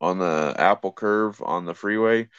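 A man's voice: low voice, a little slow, a bit bright, smooth, no echo. A man co-hosting a casual podcast, laid-back and blunt, swearing casually. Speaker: podcast co-host. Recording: slightly dull, lo-fi sound.

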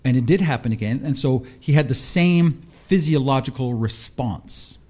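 A male talk show host shares a personal anecdote with lively, expressive energy, imitating the people in it. He has a mid-range voice and talks at normal speed.

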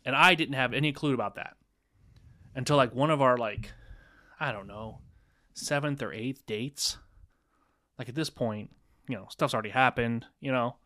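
A man's voice: medium pitch, normal speed, long pauses, bright, forceful tone, no echo, clean studio sound. A man co-hosting a podcast, telling a dating story casually and acting out both sides of the dialogue, with some swearing. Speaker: podcast co-host.

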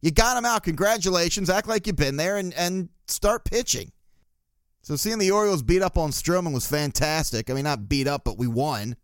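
A man's voice: a little high, moderate pace, clear, resonant tone, no echo. A man hosting a casual solo sports podcast, ranting bluntly and crudely with frequent laughs. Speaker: podcast host.

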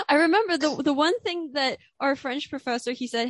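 A woman's voice: high-pitched, expressive, moderate pace, no echo, clean studio sound. A young woman hosting an interview podcast, chatty and given to laughing. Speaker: podcast host. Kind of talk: casual interview.

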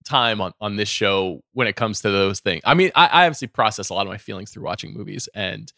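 A middle-aged man co-hosting a podcast in casual film chat, earnest and repeating words when he gets excited. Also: fairly low pitch, fairly quick, creaky, no echo, clean studio sound. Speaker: podcast co-host.

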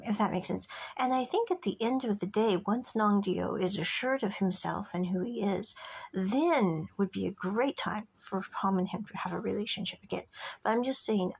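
A woman's voice: mid-range voice, slightly rough. A woman hosting a casual solo podcast, talking in a chatty, rambling way and often dropping to a whisper. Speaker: podcast host reviewing dramas.

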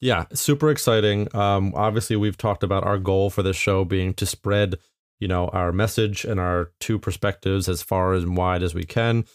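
Dry-humored low-voiced podcast man. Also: normal speed, clean tone, dry recording. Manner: dry, teasing, deadpan humor. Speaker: podcast co-host. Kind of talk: casual podcast chat.

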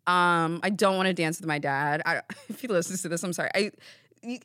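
Talking a little fast in a smooth, slightly bright voice on the low side, a young woman hosts a studio podcast with no echo. She rambles casually, giggling and poking fun at herself.

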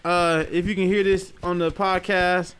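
A man's voice: high-pitched, level tone, moderate pace, a bit bright, smooth. A man hosting a podcast, running a new segment in a joking, casual way. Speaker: podcast host. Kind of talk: casual chat.

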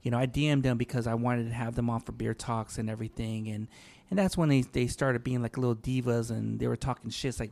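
A man, a podcast guest telling an animated story in casual chat and swearing a lot. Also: medium pitch, quick pace, gravelly.

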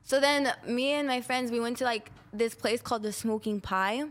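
A young woman with a slightly high voice tells a rowdy story in casual chat. She talks crudely and with a lot of energy, and she puts on the voices of the people she is quoting. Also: normal speed. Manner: animated, crude, acts out quoted voices.

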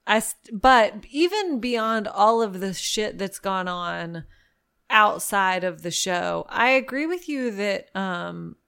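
A woman's voice: medium pitch, expressive, slow pace, creaky, sharp tone, smooth. A woman co-hosting a podcast, chatting casually and sarcastically about reality TV and swearing freely. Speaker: podcast co-host.

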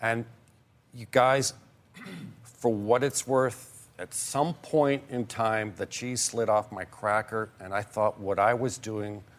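An older man, a father appearing as a talk show guest, who speaks in a halting, remorseful and apologetic way. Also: lowish voice, fairly even intonation.

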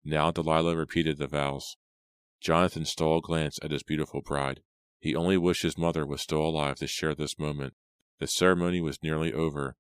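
A man reading an audiobook in a steady, measured narration. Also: a bass voice, clear, resonant tone, dry recording.

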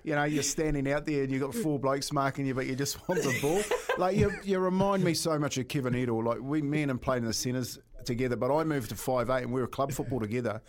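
A man's voice: medium pitch, quick pace, few pauses. A New Zealand man co-hosting sports radio, a former rugby player telling stories with laughs mid-sentence. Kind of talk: casual sports radio banter.

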